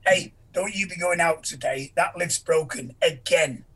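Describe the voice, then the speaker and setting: A man's voice: a little high, a little slow, fairly bright tone, breathy edge, poor audio. An actor playing a caring young grandson with a Salford accent, affectionate and teasing with his gran.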